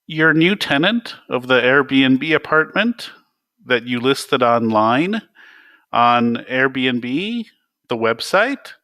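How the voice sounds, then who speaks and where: A man's voice: a little high, big pitch swings, measured pace, pushed and bright, voice pushed up, full character voice. A man reading a novel aloud, voicing a smug, cocky young male pop star in a raised, self-assured voice.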